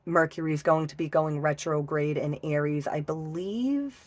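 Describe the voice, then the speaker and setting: A woman's voice: low-pitched, unhurried. Emotional swearing woman reading tarot. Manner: emotional, swears often, trails off and restarts. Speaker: tarot reader. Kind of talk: casual tarot reading vlog.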